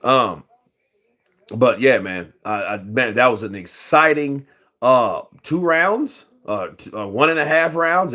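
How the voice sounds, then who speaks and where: A man's voice: mid-range voice, fairly bright tone. A man with a cold hosting a casual boxing news livestream, rambling with lots of fillers and greeting viewers in the chat. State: has a cold.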